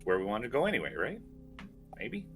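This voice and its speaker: A man's voice: mid-range voice, wildly swooping pitch, a little fast, faint music behind. A man chatting casually as a player in a tabletop game. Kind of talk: casual chat.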